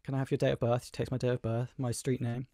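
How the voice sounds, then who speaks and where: A young man co-hosting a casual podcast, jokey, with quick interjections. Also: mid-range voice, level tone, warm tone, no room sound, studio quality. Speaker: podcast co-host. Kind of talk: casual chat.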